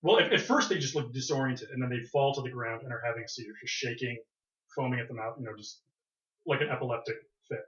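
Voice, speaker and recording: Fast-talking man running a tabletop game. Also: mid-range voice, fairly bright tone. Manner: quick, plain-spoken scene narration. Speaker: game master. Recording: echoey room, dull lo-fi sound.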